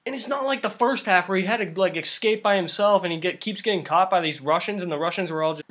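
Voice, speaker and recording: A man's voice: sits high, fast, fairly bright tone. A man giving a casual, rambling review of a TV season, full of fillers. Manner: rambling, filler-heavy, lots of "like". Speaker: show reviewer.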